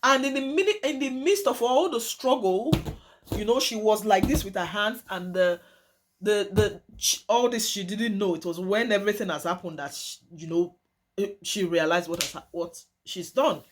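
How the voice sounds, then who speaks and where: A woman's voice: mid-range voice, normal speed. A young woman telling a true story to her viewers, emphatic and dramatic, often repeating phrases and calling her audience "guys".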